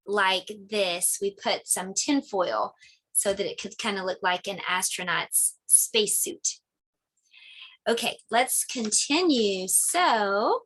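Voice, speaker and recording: Bright-voiced woman teacher chatting through her lesson plans, kinda high. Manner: friendly, chatty, explains step by step. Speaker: teacher sharing lesson ideas. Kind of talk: casual instructional vlog.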